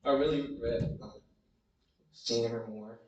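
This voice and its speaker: A tearful young man speaks unscripted at a memorial, emotional and apologetic, halting as he talks. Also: medium pitch, steady tone, a little mellow, highs cut off. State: tearful, crying. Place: large hall at a memorial gathering. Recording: echoey hall, far from the mic.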